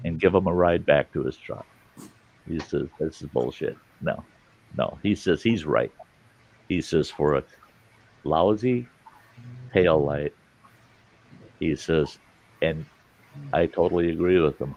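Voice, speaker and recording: Gravelly low-voiced man spinning a yarn. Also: a little slow, long pauses, lo-fi sound. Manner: animated yarn-spinning, casual cursing. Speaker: storyteller in group chat. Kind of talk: casual chat, storytelling.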